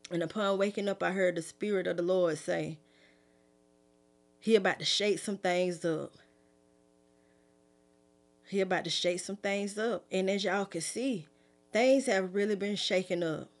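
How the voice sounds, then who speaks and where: A woman's voice: a little slow, long pauses. Middle-aged woman preacher, easygoing and conversational. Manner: fervent, pleading, raised pitch at first; relaxed conversational afterword. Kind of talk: prophetic sermon, then casual talk.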